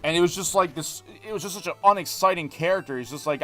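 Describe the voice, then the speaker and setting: A man streaming a video game, rambling in animated commentary and chatting with his viewers. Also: fairly high pitch, fast, hardly any pauses, soft background music. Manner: rambling, animated, talks to chat. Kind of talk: live gameplay commentary.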